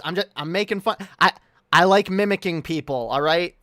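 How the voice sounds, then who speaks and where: A man's voice: high-pitched, normal speed, pushed and bright, dry recording, clean studio sound. Mocking, combative male streamer. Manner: mocking, combative, laughs often. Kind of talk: casual stream commentary.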